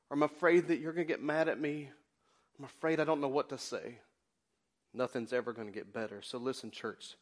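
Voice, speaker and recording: A man preaching as pastor in a church, passionate, swinging between loud exclamations and quiet confessions. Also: fairly high pitch. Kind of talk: sermon. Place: church sanctuary.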